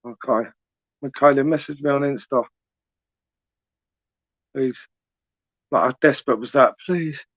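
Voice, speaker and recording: A man's voice: medium pitch, steady tone, brisk, no echo. A young southern English man hosting a late-night livestream, chatting casually and teasingly as he reads out viewers' comments. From England. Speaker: livestream host. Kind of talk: casual live chat reading comments. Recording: dry, dull lo-fi sound.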